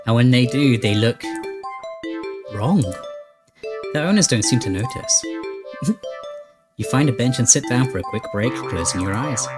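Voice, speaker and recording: A playful man hosts a let's play, reading a horror game's narration aloud with dramatic flair and joking asides. His pitch moves a lot. Game music sits clearly behind him. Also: animated, measured pace, long pauses. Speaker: gaming channel host.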